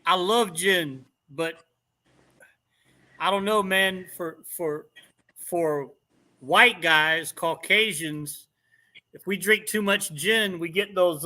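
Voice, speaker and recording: A man's voice: high-pitched, slow. A middle-aged man telling stories in a casual chat, laughing often as he talks. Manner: laughs often, animated storyteller. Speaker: guest in a chat.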